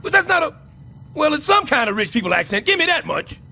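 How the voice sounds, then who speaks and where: An actor playing a scheming middle-aged building superintendent in an animated sitcom, sarcastic and overdramatic. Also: male voice, extremely high pitch, fast talker, vocal fry, heavily acted.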